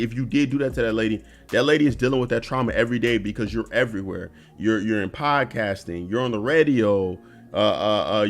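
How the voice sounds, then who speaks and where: A man talks straight to his audience in an earnest, conversational commentary, his pitch sitting in an ordinary middle range. He restarts sentences and leans on fillers as he works through his points. Faint music plays behind him. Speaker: commentary channel host. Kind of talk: solo commentary vlog.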